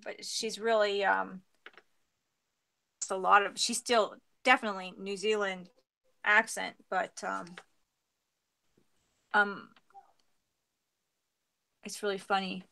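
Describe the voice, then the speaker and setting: A woman's voice: mid-range voice, level tone, slow pace, vocal fry, pauses often, sharp tone. A Canadian woman co-hosting a craft livestream, chatting casually and hesitantly with lots of fillers. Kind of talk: casual chat while crafting.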